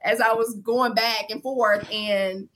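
A young woman telling a story in an interview, emphatic and animated, often acting out the dialogue. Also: fairly high pitch, takes it slowly, a little hiss or hum. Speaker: former reality show contestant.

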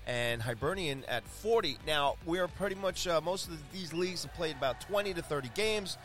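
Soft background music plays as a man with a fairly high, lively, somewhat bright voice talks at a moderate pace. Co-hosting a sports podcast, he reels off league standings with jokes and asides, chatty and rambling with fillers.

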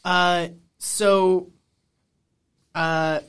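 A woman co-hosting a casual podcast, recapping a TV episode with swearing, jokes and quick impressions. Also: on the low side, little pitch movement, a bit bright, smooth. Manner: profane, joking, slips into quick impressions. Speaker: podcast co-host.

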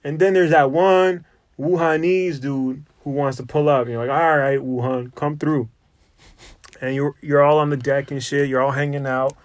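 A young man hosting a comedy podcast, with a slightly high voice and loose, joking banter. He swears freely and keeps trailing off and restarting. The sound is dry and close to the mic. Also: steady tone, normal speed, dry recording.

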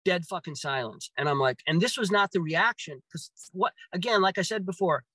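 A man tells a personal story in casual talk, his voice sitting a little high. He is animated, swears freely and acts out his own reactions. The sound is dry and close, with no room around it. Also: fairly quick, dry recording, poor audio. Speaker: guest telling a personal story.

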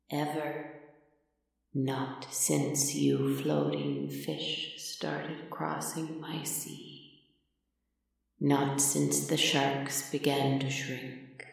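A woman voicing an ancient, lonely female sea monster who speaks slowly and sorrowfully in a low, gravelly tone. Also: a little mellow, exaggerated voice. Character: ancient lonely female kraken, vast and slow. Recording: echoey, distant voice.

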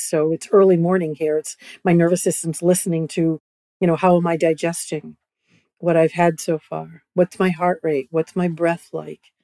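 Podcast guest over video call, woman, low and mellow, dry sound, keeps asking "right?". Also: no echo. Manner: repeats "right?" often, starts phrases over. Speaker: guest expert. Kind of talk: conversational explanation.

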